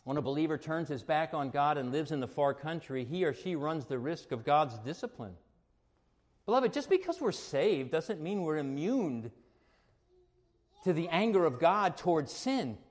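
A man delivers a sermon in a notably high-pitched voice. He moves between calm, quiet teaching and sudden raised, emphatic lines, pressing his points hard. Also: moderate pace. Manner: emphatic preaching, swings between quiet asides and raised exclamations. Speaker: pastor.

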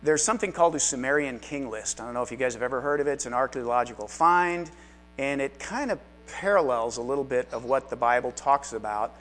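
Male Bible class teacher, conversational and self-deprecating, speaking in a mid-range voice, soft music underneath. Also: medium pitch, quick pace.

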